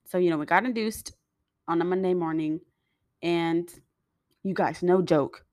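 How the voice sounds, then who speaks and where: A woman's voice: fairly low pitch, a little slow, a little mellow, dry recording, clean studio sound. A young woman telling a personal story to her viewers in a chatty, rambling way, acting out the voices of the people in it. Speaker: vlogger.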